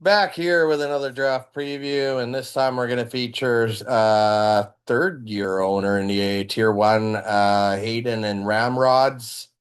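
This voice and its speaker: A man's voice: medium pitch, fairly even intonation, a little slow, few pauses, clear, resonant tone. A man from British Columbia hosting a fantasy football draft preview, tired and talking loosely with lots of fillers. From British Columbia, Canada. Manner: chatty, loose, many fillers. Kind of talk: casual analysis over screen share.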